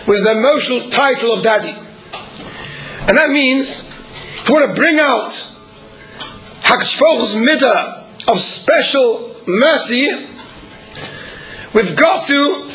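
A man, apparently a rabbi, giving an earnest sermon at a measured pace, pausing often and sometimes clearing his throat. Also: extremely high pitch, sharp tone, poor audio.

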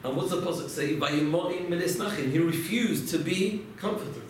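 A man's voice: on the high side, moderate pace, slight background noise. Man lecturing in an echoey room. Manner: storytelling, asks and answers his own rhetorical questions. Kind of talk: religious lecture. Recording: echoey room, mic far off.

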